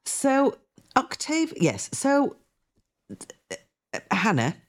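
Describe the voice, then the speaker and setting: A woman's voice: high-pitched, wildly swooping pitch, drawn-out words. A woman presenting on a radio show, chatting enthusiastically about a TV series she has been watching. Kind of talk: casual chat on a radio show.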